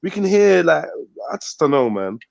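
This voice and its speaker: A man's voice: on the high side, sing-song, normal speed, gravelly, darkish tone, no echo, muffled recording. A man from Nigeria, hosting a casual panel chat in a laid-back, rambling way full of "innit" and "man". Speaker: host of a news discussion panel.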